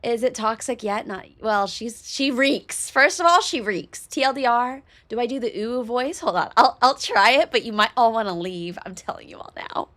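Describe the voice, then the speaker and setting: A woman's voice: a little high, moderate pace, few pauses, a bit bright. A young woman streaming a game, chatting casually with laughter and profanity, self-mocking.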